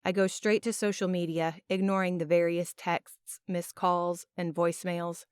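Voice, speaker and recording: A woman narrating a first-person audiobook in an expressive, emotional storytelling manner. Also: on the low side, moderate pace, clear, resonant tone, no room sound. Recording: dry, close studio sound.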